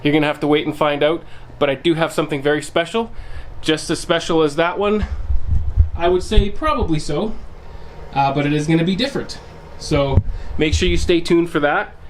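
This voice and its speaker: Chatty man with a higher voice. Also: steady tone, moderate pace, slight background noise. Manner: chatty, teasing, addresses viewers as guys. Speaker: home theater channel host. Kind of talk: casual vlog with unboxing. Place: home theater room.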